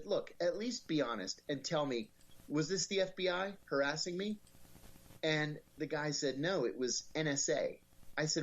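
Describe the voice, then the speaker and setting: Wry, animated storyteller man. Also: on the high side. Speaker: guest. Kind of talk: storytelling in an interview.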